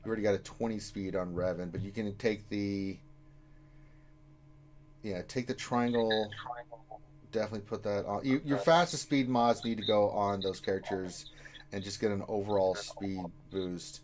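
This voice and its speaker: Rambling man in his forties, lower voice. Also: steady tone, normal speed, a little hiss or hum. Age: 40s. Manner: loud bursts of laughter, rambling. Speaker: streamer giving game advice. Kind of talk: casual live-stream chat.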